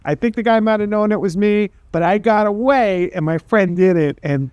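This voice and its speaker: A man's voice: sits high, normal speed, a little mellow, smooth, no echo, muffled recording. A man co-hosting a podcast, telling rambling childhood stories with laughs and casual swearing. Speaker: podcast co-host.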